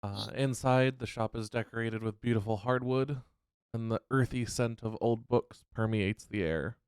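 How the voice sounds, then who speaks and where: A man running a tabletop game as game master, describing scenes with a hesitant, descriptive delivery full of restarts. His voice is smooth and clear at a middle pitch, recorded close and dry. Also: moderate pace, darkish tone, no echo.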